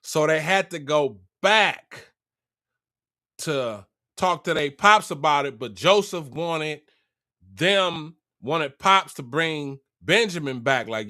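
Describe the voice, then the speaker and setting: Man, casual storytelling, slangy, animated, high pitch. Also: a little slow. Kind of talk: casual retelling of a Bible story.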